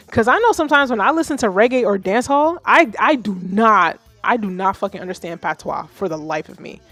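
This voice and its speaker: A woman host reviews songs live on her stream, blunt and animated, with a mid-range voice and frequent swearing. Faint music plays softly behind her. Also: medium pitch. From Haitian. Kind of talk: casual livestream commentary.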